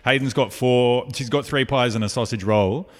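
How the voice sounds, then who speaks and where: Laid-back Australian podcast host, slangy. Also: male voice, medium pitch, normal speed. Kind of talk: casual interview chat. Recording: reverberant room.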